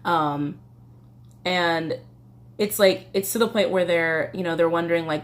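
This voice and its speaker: Her voice sits low and her pace is brisk as this woman chats loosely through a tarot reading, cursing, reciting song lyrics, and coughing slightly. A little hiss or hum runs under the recording.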